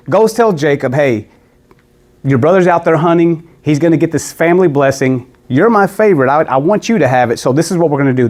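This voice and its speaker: A man's voice: mid-range voice, a little mellow. A male preacher tells a scripture story in a loose, conversational way. He slips into the characters' lines as he goes, then reads the passage aloud. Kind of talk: casual sermon retelling scripture.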